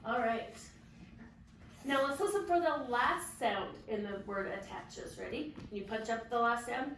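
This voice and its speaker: A woman teaching kindergarten children, speaking in a drawn-out, sing-song way and giving bright praise. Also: fairly high pitch. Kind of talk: classroom teaching to young children. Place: classroom with children. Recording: very echoey classroom, mic far off, faint hiss.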